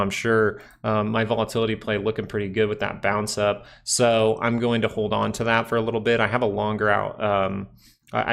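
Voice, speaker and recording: A man's voice: fairly low pitch, creaky. A young man with a nasal voice hosting a casual live stock market stream, rambling through charts and answering chat. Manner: relaxed, rambling, talks to chat viewers. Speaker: stock market livestream host.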